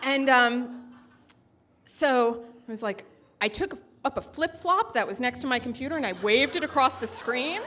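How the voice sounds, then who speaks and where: A woman's voice: sits high, lively intonation, normal speed, bright, forceful tone, a little hiss or hum. A woman telling a personal story live on stage into a microphone, in a chatty, self-mocking way full of fillers.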